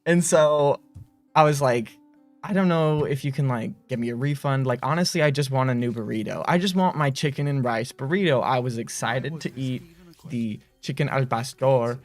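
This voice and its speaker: A man hosting a game studio's livestream, telling stories in a rambling, animated way on a close mic. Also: mid-range voice, moderate pace, faint music behind. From United States. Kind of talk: casual livestream chat.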